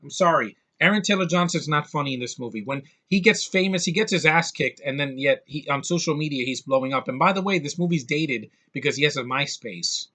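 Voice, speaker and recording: A man's voice: on the high side, animated, a little fast, few pauses, pushed and bright. A man giving a blunt, sarcastic, profane rant as a movie reviewer. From United States.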